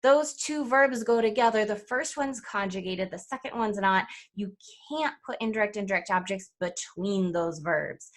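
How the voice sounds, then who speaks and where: A woman language coach teaching a grammar lesson, explaining clearly and step by step, and slowing down to spell out example phrases. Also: medium pitch.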